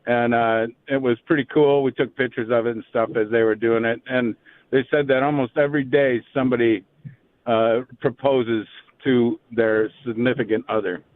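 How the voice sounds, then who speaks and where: A man calling in to a sports radio show, telling his story haltingly with lots of ums and uhs. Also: medium pitch, steady tone. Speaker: radio caller. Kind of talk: phone-in call to a radio show. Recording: tinny phone line.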